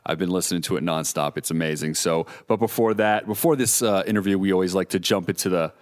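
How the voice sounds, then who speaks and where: A man's voice: sits low, fast. Rambling laid-back male podcast host. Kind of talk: casual chat.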